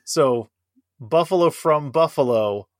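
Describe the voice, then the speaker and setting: A man's voice: on the high side, lively intonation, slow pace, dry recording, studio quality. A man co-hosting a podcast in loose, joking casual chat, laughing often and swearing freely. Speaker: podcast co-host.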